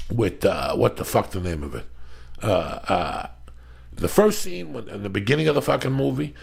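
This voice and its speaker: This gravelly-voiced, middle-aged man hosts a podcast and launches into a profane storytelling rant, acting out lines from movies. His voice sits in the mid range with a fairly bright tone.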